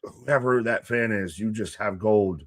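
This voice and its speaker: A man co-hosting a live wrestling watch-along, rambling and animated, joking with the chat. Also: on the low side, a little slow.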